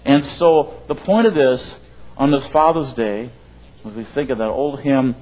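A man preaches in a loose, conversational way, wandering through his points and checking in with the congregation as he goes. His voice sits at an ordinary middle pitch. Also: a little slow, darkish tone, poor audio. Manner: conversational, rambling, asks "right?" often. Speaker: pastor. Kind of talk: sermon.

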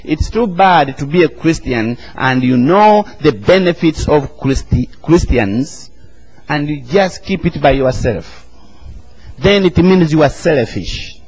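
A man's voice: a little high, lively intonation, takes it slowly, a little mellow, breathy edge, low-quality recording. A man, preaching an emphatic sermon and calling the congregation to answer back. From Uganda. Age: 40s.

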